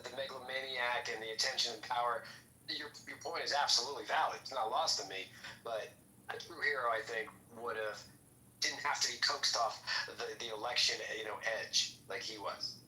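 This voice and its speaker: A man's voice: medium pitch, pushed and bright. A man hosting a casual political podcast, talking bluntly with profanity and jokes. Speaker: podcast host. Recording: echoey room with faint noise.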